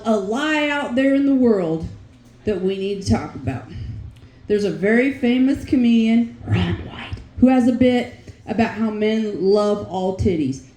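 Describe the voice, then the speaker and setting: A woman in her forties performing a bawdy stand-up comedy set, brash, with loud bursts of shouting and laughing. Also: high voice. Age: 40s. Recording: roomy echo.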